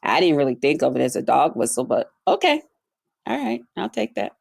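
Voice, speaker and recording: A woman chatting casually on a livestream, reading viewer comments and answering them in an animated, sassy way, jumping between high exclamations and low muttered asides. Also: fairly quick, vocal fry.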